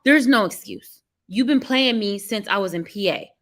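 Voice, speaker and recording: A woman's voice: mid-range voice, expressive, normal speed. A woman vlogger chatting candidly with her live viewers, venting with lots of fillers and calling them y'all. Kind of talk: casual chat with live viewers.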